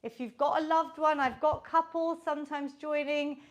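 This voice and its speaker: A woman's voice: high voice, fairly even intonation, moderate pace, poor audio. A woman leading a guided home workout class as a fitness instructor, coaching upbeat and encouraging and counting the reps aloud. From United Kingdom.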